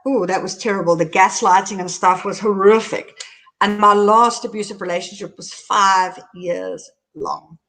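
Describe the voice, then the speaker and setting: A middle-aged woman, hosting and candidly telling her own story, animated as she recounts events. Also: mid-range voice, normal speed. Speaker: host.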